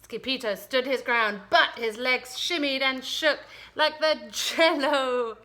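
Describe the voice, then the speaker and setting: A woman reading a children's picture book aloud in a playful, expressive way. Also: high-pitched. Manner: playful, slow expressive reading, sometimes breaking to scold a puppy. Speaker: storyteller.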